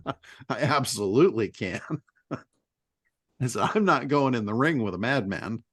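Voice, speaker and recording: A man's voice: mid-range voice, animated, measured pace, a bit bright, slightly rough, dry recording, studio quality. A man hosting a business group call, chatting casually, bluntly giving advice, laughing often, with mild swearing. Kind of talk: casual chat, telling stories and giving advice.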